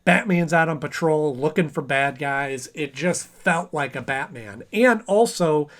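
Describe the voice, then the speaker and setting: A chatty man in his thirties hosts a casual review of an old cartoon in a somewhat high voice. He talks with relaxed enthusiasm. He now and then acts out lines in playful voices. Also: unhurried. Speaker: host of a cartoon review show.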